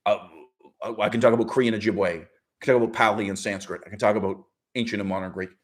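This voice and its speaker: A man's voice: fairly even intonation, fast. A man hosting his own channel, delivering an opinionated monologue with emphatic stresses, frequent restarts and short laughs. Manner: argumentative, emphatic, with sudden pitch jumps and mock quotes; restarts and fillers, laughs while speaking. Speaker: channel host.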